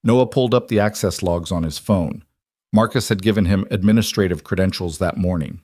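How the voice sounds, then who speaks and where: A man giving scripted narration of a thriller story in an even, steady way. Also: sits low, a little fast, no echo, clean studio sound.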